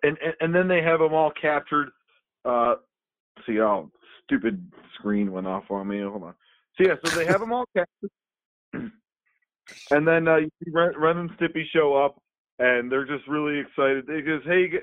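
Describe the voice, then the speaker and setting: A man co-hosting a podcast, retelling a comic in a rambling, animated way with many fillers. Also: fairly high pitch, normal speed, pauses often, dry recording. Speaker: podcast co-host. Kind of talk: casual chat. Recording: phone-like, dry sound.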